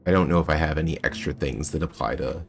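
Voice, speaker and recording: A man's voice: a bass voice, quick pace, vocal fry, soft background music. A man with a General American accent, streaming a game playthrough and thinking aloud as he works through clues. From United States. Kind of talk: live game playthrough commentary.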